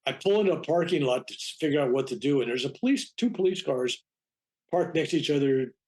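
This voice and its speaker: A man's voice: a little high, lively intonation, fast talker, a little mellow. An older man, a reverend, telling a long personal story in an interview, acting out the dialogue with frequent restarts. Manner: rambling, acts out quoted dialogue, frequent restarts. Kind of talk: anecdotal storytelling in conversation.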